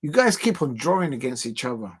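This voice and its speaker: A man's voice: medium pitch, very animated, fast talker, breathy edge. A man hosting a football watch-along, chatting casually and giving opinionated predictions straight to his viewers.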